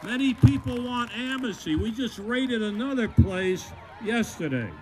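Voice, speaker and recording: A man from Massachusetts, a sheriff, giving a blunt, joking outdoor rally speech into a microphone, with bursts of shouting. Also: very high-pitched, expressive, a little slow. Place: outdoors at a state capitol lawn. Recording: outdoor rally with crowd noise.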